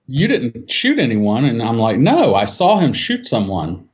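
A man's voice: normal speed, few pauses. A man telling a personal eyewitness story in casual speech, acting out what people said with his voice jumping up for the quotes. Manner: animated, acts out quotes with raised pitch. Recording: dull lo-fi sound.

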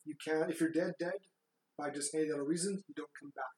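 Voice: medium pitch, fairly even intonation, fast, darkish tone. A co-host plainly summarizing a movie plot in casual chat, with fillers and restarts. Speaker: podcast co-host. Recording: roomy echo.

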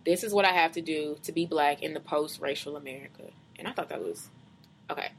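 A woman co-hosting a casual podcast chat, reading a social media post aloud slowly and then talking it over. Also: deep voice, husky. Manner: reads slowly and deliberately, chatty asides.

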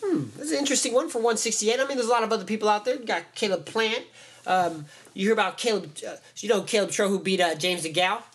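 A man's voice: high voice, fast talker, fairly bright tone, breathy edge. A man co-hosting a casual podcast chat, rambling with fillers and restarts. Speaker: podcast co-host.

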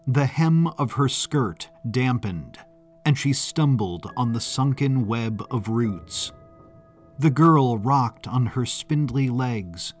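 A man reading a historical story as scripted narration, in a measured, deliberate way. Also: mid-range voice, expressive, faint music behind.

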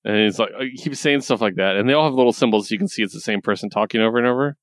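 A man's voice: fairly low pitch, rapid-fire, no echo, studio quality. A young man in casual chat, retelling a comic book story with lots of laughs and casual swearing. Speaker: podcast co-host reviewing comics.

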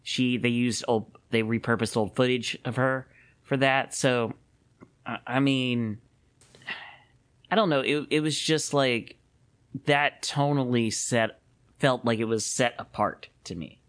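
A man co-hosting a podcast, chatting casually at a middle pitch. He sounds animated and laughs easily, often breaking off to restart a thought. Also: measured pace. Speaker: podcast co-host. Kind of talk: casual chat.

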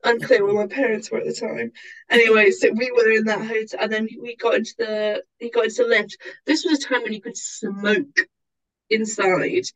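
A woman co-hosting a chatty podcast, telling an anecdote with lots of swearing and animated quoted voices. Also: on the high side, moderate pace, distant mic, poor audio. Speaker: podcast co-host. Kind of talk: casual chat.

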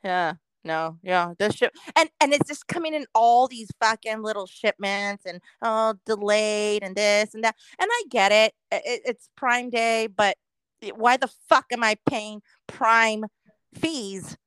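Bright-voiced, swearing woman podcast co-host. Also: fairly high pitch, measured pace, clean tone, no room sound. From Oregon, US. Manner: profane, rant-prone, laughs often. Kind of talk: casual chat.

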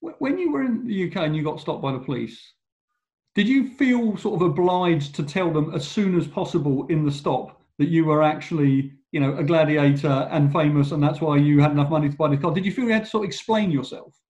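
A man from England interviewing a guest, asking measured, thoughtful questions in a casual tone. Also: fairly high pitch, darkish tone.

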